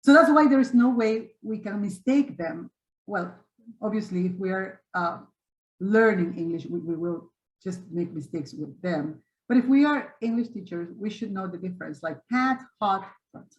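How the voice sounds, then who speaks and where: A woman's voice: medium pitch, echoey room. Casting note: woman in her 50s, patient teacher demonstrating sounds, dull lo-fi call audio. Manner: patient, demonstrative, repeats and models vowel sounds slowly. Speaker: English teacher hosting a webinar. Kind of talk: online teaching webinar. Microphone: video call.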